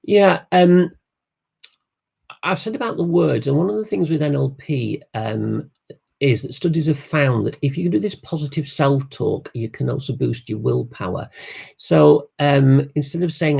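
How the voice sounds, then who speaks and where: A man's voice: on the high side, normal speed, creaky, a little mellow, husky. A man giving an interview, explaining ideas and telling anecdotes in a loose, rambling way with fillers. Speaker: interview guest. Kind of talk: conversational interview.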